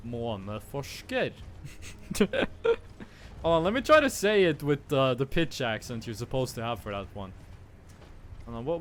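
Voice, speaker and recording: A man's voice: medium pitch, a little hiss or hum. A man from Estonia, streaming a game and playfully musing aloud over how words are pronounced. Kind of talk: casual live-stream gaming commentary.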